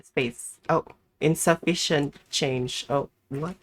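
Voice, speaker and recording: A woman's voice: deep voice, slow. A young woman from the Philippines streaming a game live, chatting to herself, swearing and squealing greetings at customers. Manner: swearing, chatty self-talk while playing. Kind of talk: live gameplay chat.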